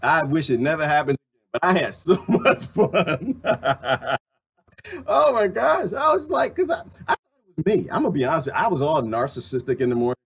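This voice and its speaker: A man ranting casually to his viewers, laughing often and swinging between loud and quiet. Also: moderate pace, creaky, slightly rough. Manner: animated, laughing, ranting, swings high and low. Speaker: vlogger.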